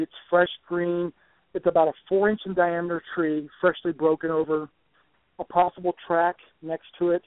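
An older man telling a long story as a guest on a talk show, animated and often restarting his words. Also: fairly high pitch, no echo. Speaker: guest researcher. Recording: tinny dry phone line.

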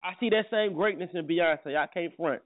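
A man's voice: on the high side, moderate pace. A man hosting a casual morning talk show, laid-back, often repeating himself as he talks. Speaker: host. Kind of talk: casual chat. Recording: tinny phone line, faint music behind.

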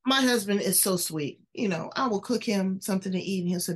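A woman's voice: mid-range voice, a little fast, creaky, breathy edge. An older woman hosting a talk show, chatting in a frank, folksy way with casual swearing. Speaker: host. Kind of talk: casual interview chat.

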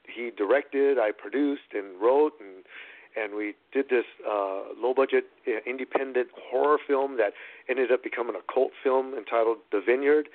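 A middle-aged man, an actor and producer, retelling his story in an animated, rambling way with many restarts. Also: medium pitch, no echo. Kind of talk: storytelling in a phone-in interview. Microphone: phone line. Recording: phone-line radio call-in.

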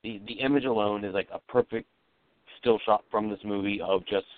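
A man's voice: on the low side, steady tone, a little fast, no room sound. A man co-hosting a horror movie podcast, talking casually with giggles and hesitant restarts. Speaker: podcast co-host. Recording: tinny phone-like audio.

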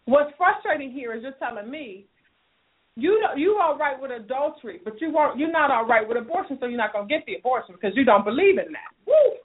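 A woman's voice: high voice, animated, quick pace. A woman hosting a radio advice show, preaching and scolding with emphatic repeated phrases. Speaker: radio show host giving relationship advice. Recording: phone-like narrow sound.

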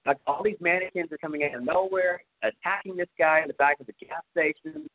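A man's voice: fairly high pitch, expressive, brisk. A man co-hosting a horror movie podcast, recapping scenes in a chatty, joking way and acting out bits of dialogue. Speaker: podcast co-host. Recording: tinny phone-like sound.

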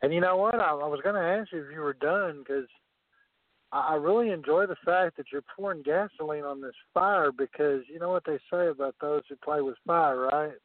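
A man's voice: a little high, brisk, no echo. Southern man, wrestling commissioner, menacing braggart; phone-quality, dry sound. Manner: boastful, menacing. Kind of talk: wrestling promo trash talk. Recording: tinny phone line, dry.

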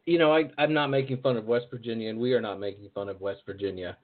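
A man hosting a podcast in casual interview chat, relaxed and joking. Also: mid-range voice, quick pace. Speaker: podcast host. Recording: phone-like narrow sound.

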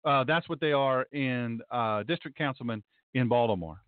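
A man's voice: medium pitch, normal speed, clean tone, no echo. A male pastor hosting a commentary show, talking in a sarcastic, emphatic way and often repeating his phrases. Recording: dry, tinny phone-like sound.

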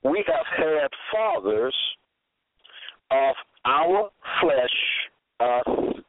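A man hosting a radio Bible program, lecturing in a slow, deliberate way and repeating his key phrases for emphasis. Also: mid-range voice, big pitch swings. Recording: tinny phone-like dry audio.

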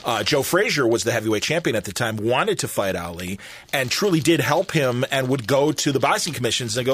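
A man's voice: medium pitch, a little fast, slightly rough. Middle-aged man hosting a chatty podcast. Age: 50s. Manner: animated storytelling with quoted voices. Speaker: podcast host. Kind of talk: casual chat. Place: recording studio.

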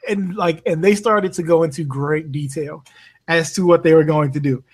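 This podcast guest, a Bermuda-raised rideshare driver, has a fairly high voice with a breathy edge and talks at a moderate pace. Relaxed and lively, he spins stories, curses without restraint and performs the voices of whoever he's quoting.

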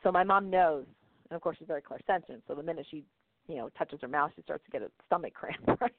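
A low-voiced woman talks quickly on her talk show, an intuition teacher and podcast host telling casual stories, laughing often and tossing in "right?". The recording is very noisy, dry and phone-like in its narrow band.

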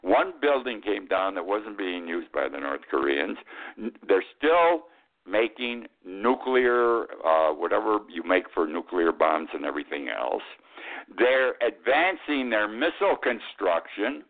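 Talk show host, man, lowish voice, indignant and rambling, thin phone-like sound. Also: very animated, measured pace. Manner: indignant, rambling, with fillers and emphatic outbursts. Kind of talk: opinionated political commentary.

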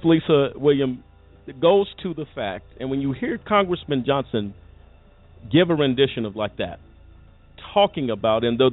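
A man hosting a talk show, speaking emphatically and rambling with repeated phrases. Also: medium pitch. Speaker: radio talk show host. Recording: tinny phone-like audio with faint music.

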